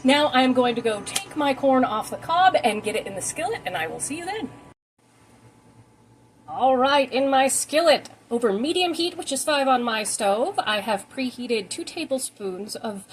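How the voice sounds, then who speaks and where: A woman's voice: high voice, animated, normal speed, slight background noise, rough recording. A woman giving a casual, chatty cooking demonstration in her home kitchen, talking while she works. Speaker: cooking vlogger.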